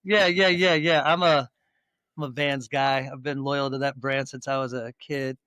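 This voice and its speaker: A man's voice: medium pitch, fairly even intonation, normal speed, pushed and bright, smooth, no echo. A man hosting a horror podcast, chatting casually and joking around in a rambling way. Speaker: podcast host.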